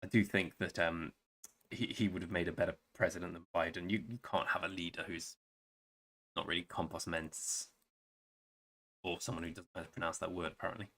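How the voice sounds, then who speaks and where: A man's voice: low voice, fairly even intonation, brisk, pauses often, a bit bright. A man with an English accent chatting casually on a live gaming stream, rambling and wry as he answers viewers by name. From England. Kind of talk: casual live-stream chat while playing a strategy game.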